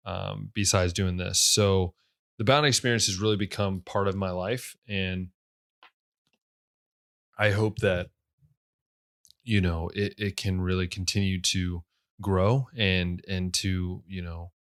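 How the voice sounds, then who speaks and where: A young man with a low radio voice hosts his own podcast, talking in a loose, casual ramble. He speaks in a very deep register, full of fillers and restarts. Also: fairly bright tone. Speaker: podcast host. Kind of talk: casual solo podcast talk.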